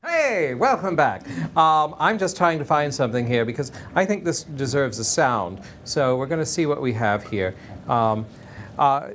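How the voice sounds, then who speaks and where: A woman's voice: extremely low pitch, animated, moderate pace. A woman hosting a studio talk show in casual chat, playful and laughing, with hesitant fillers.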